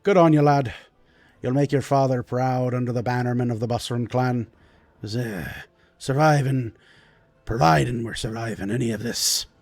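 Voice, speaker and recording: A man's voice: moderate pace, darkish tone, no echo, lightly acted. A man voicing a proud, commanding middle-aged male dwarf lord who speaks grandly in a tabletop game. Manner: pompous, booming and grand.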